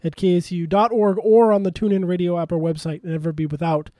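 A man hosting a college radio show, chatting casually about video games in quick, fragmented bursts. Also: sits high, no echo, clean studio sound. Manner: energetic, talks in fragments with many "like"s. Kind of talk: casual gaming podcast chat.

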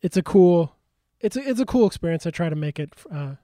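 A man's voice: high voice, animated, fairly quick, mellow, no room sound, studio quality. A man hosting a casual chat, rambling with lots of fillers and easy chuckles. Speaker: podcast host and game streamer.

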